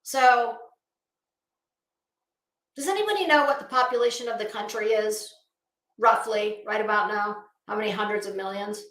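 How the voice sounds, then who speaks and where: Sarcastic, bright-voiced woman ranting. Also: mid-range voice, normal speed, long pauses. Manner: sarcastic, blunt and profane. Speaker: YouTube commentator. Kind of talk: casual ranting commentary. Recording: roomy echo.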